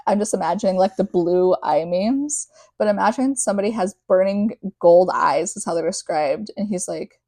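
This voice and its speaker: A woman's voice: mid-range voice, normal speed, few pauses, darkish tone, no room sound, clean studio sound. Chatty young woman recapping a book. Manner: chatty, rambling with many fillers and tangents. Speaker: podcast host. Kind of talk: casual book recap podcast.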